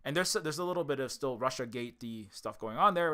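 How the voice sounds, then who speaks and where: Bright-voiced man rambling through a film. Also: medium pitch, lively intonation, fairly quick. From United States. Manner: rambling, self-correcting, many restarts. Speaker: indie game developer and channel host. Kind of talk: casual film commentary.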